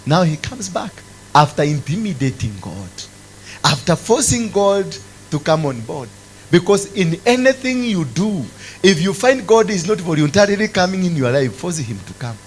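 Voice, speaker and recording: A man preaching a sermon, swinging from loud exclamations to low, intense tones. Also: expressive, normal speed, slight background noise, rough recording. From Kenya. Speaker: apostle preaching.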